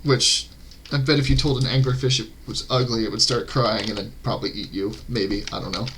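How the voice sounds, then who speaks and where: A man's voice: mid-range voice, fairly quick, a little hiss or hum. Easygoing man chatting while he draws. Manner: relaxed, joking, chatty. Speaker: streamer. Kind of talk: casual livestream chat while drawing.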